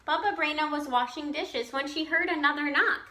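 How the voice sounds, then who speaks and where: A woman teacher reading a children's picture book aloud, slowly and expressively, pausing to explain to her listeners. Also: high-pitched. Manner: slow, expressive storytelling with asides to listeners.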